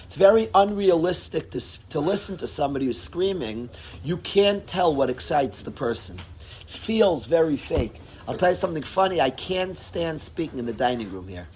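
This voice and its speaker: A man teaching a Torah class in a casual lecture, expressive, swinging between low tones and loud bursts. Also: moderate pace, a little hiss or hum. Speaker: rabbi teaching students.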